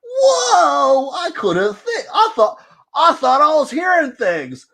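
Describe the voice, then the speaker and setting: A man voicing a young driver as a goofy, high-pitched, crazy mad scientist type. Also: wildly swooping pitch, slow, creaky, a bit bright, full character voice.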